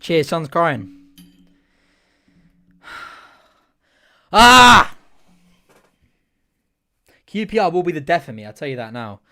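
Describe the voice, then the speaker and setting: A young man hosting a live football watch-along, shouting at the match, swearing and groaning over his team. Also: fairly high pitch, expressive, normal speed, long pauses. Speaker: fan watch-along host.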